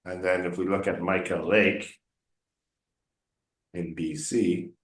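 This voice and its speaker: Slow, patient male English coach. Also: deep voice, little pitch movement. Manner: patient, explanatory, drills pronunciation by repetition. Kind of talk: one-on-one English tutoring. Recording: roomy echo.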